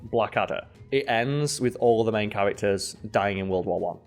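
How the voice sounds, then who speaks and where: A British man co-hosting a podcast, telling stories in an animated way and slipping into voices for quotes. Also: lowish voice, moderate pace, soft background music. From Britain. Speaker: podcast co-host. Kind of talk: casual chat.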